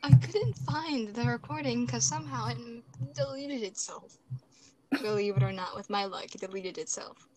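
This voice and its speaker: A woman's voice: fairly high pitch, moderate pace, mellow. A woman hosting a casual podcast chat, talkative and easily flustered, laughing often, recorded through a phone. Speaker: podcast host. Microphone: phone speaker.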